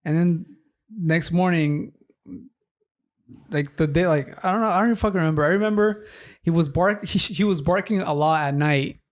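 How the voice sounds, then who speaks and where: A man's voice: a little high, moderate pace, pauses often. A young man co-hosting a podcast, telling a long story in casual chat, rambling with heavy swearing and fillers. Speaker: podcast co-host.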